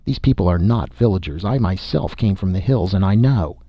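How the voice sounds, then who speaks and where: A man's voice: deep voice, a little fast, no echo. Man doing a hard old Martian official. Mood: suspicious. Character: hard, demanding older male Martian official. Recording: dull, lo-fi dry recording.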